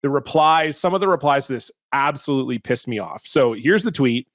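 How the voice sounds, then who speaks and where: A man hosting a comedy podcast, telling stories in a lively, exasperated way and swearing freely. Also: mid-range voice, fairly quick, dry recording, studio quality. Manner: animated, exasperated storytelling with frequent swearing. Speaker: podcast host. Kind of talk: casual comedic podcast chat.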